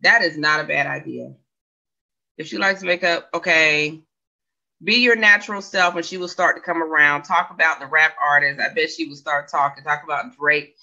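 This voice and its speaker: Woman, forties, bright and forceful voice, chatty and rambling, dull lo-fi sound. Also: sits low, steady tone, moderate pace. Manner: chatty, rambling, self-questioning, laughs often. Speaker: livestream host reading chat. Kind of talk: casual livestream chat.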